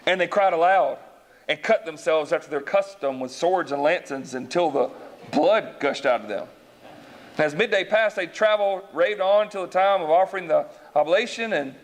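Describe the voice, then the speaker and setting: A man's voice: sits high, normal speed. A man preaching a sermon, reading scripture aloud and acting out the voices of its characters while asking his listeners questions. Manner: animated, acts out voices in the story, asks the congregation questions. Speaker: pastor.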